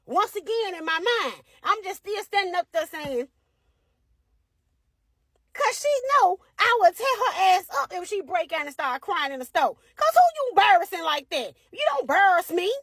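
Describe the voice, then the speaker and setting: A woman, a parent, telling a comedic story in an animated, exasperated and profane way. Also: extremely high pitch, normal speed, no echo.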